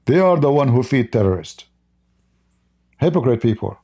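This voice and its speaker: The man's mid-range voice has lively intonation, a dark tone and a breathy edge, moving at normal speed. He hosts a live stream, reading viewer chat and offering heated, blunt, mocking commentary in broken English, which isn't his first language.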